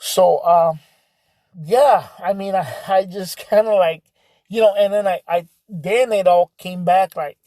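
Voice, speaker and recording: A man's voice: high voice, unhurried, dark tone, no room sound. A man telling a story in a casual, rambling way, full of "you know" fillers. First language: bilingual English and Spanish speaker. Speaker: podcast storyteller.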